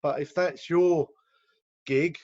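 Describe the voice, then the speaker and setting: A man's voice: on the high side, fairly even intonation, takes it slowly, a little mellow. A man who runs a rehab center, explaining recovery in a casual talk over a video call and acting out the people in his examples. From England. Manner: conversational, acts out quoted voices. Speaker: rehab director. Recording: dull lo-fi video call audio.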